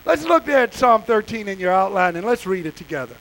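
High, gravelly preacher man. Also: sing-song, a little fast, hardly any pauses, a bit bright, poor audio. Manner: impassioned, conversational preaching with folksy asides. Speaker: pastor. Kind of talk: sermon.

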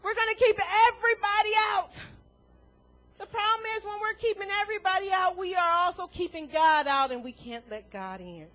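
A woman's voice: extremely high pitch, a little fast, sharp tone. A woman preaching a sermon to a congregation in a church, emphatic and full of rhetorical questions, chuckling between points.

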